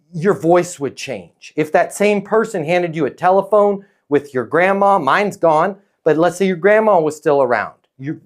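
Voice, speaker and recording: A man coaching leasing teams in a relaxed training talk, his voice sitting slightly high. He keeps a calm, neutral, non-pushy tone and checks in with listeners constantly. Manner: coaching, peppered with "okay?" and "right?" tags.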